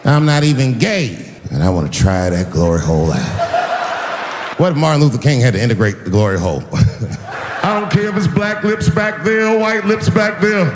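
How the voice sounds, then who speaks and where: A man's voice: fairly high pitch, moderate pace, noisy background. A middle-aged man performing a stand-up comedy set, telling stories and acting out voices in a large venue. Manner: animated storytelling with acted-out voices. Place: large venue with a live audience. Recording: live hall recording with long reverb.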